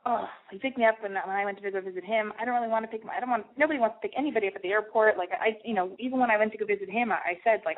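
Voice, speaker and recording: Woman ranting candidly on tinny radio. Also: medium pitch. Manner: rambling, self-deprecating, profane, animated when acting out her own past thoughts. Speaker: radio show host. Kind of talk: candid personal monologue. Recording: tinny phone-like radio audio.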